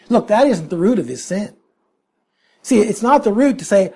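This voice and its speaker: A man's voice: sits high, animated, normal speed, warm tone, slightly rough. A man preaching a sermon, emphatic and full of rhetorical questions.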